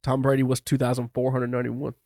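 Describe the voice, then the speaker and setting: A man co-hosting a casual podcast, deadpan, reading figures out one by one. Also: medium pitch, fast talker, gravelly, no echo, studio quality. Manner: deadpan, reads stats methodically. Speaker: podcast co-host. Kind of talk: casual chat.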